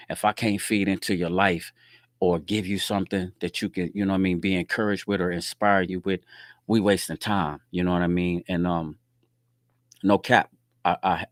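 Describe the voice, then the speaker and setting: A middle-aged man hosting a show, telling a street story in a casual, slangy rant that swings from low muttering to loud laughing outbursts. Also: no room sound, clean studio sound. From Quad Cities, US Midwest.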